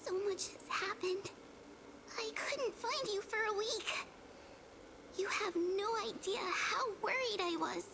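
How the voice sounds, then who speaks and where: An actress voicing an anxious, caring teenage schoolgirl who pleads softly in a video game. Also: very high voice, unhurried, vocal fry, noisy background, exaggerated voice. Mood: worried. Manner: soft, pleading, worried.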